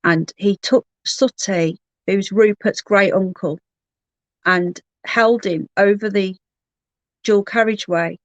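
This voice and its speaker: A middle-aged woman talks candidly on her own livestream, often restarting her sentences. She sits close to the mic in a dry room with no echo, and her pitch sits right in the middle of the range. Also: fairly even intonation, slow pace, dull audio. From Birmingham, England. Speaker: livestream host. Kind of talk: casual livestream chat, reading comments.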